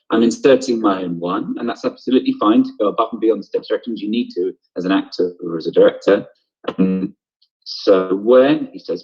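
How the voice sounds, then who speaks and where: Over a video call with dull lo-fi audio, a man with a lowish, slightly mellow, breathy voice teaches an online drama lesson. He explains things step by step, frequently checking in with "okay?".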